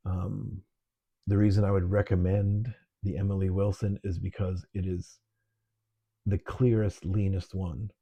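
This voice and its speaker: A middle-aged man teaching an online literature lesson, relaxed and conversational, with frequent ums. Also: low-pitched, measured pace, husky, muffled recording.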